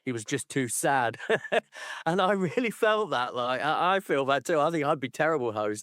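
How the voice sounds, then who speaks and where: A man's voice: fairly high pitch, expressive, normal speed, a bit bright, no room sound, clean studio sound. A man co-hosting a podcast in casual chat, playful and sardonic, with chuckling asides. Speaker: podcast co-host.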